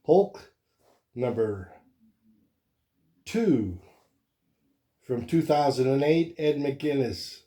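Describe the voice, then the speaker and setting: A man hosting a comic book show, chatting casually in a relaxed, rambling way with many fillers. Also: mid-range voice, drawn-out words, long pauses. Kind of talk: casual show-and-tell chat.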